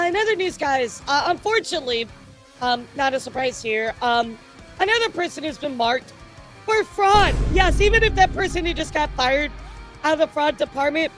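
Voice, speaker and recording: High-voiced woman streamer, teasing and chatty. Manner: chatty, teasing, laughs often. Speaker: streamer and news host. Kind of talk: casual livestream news commentary.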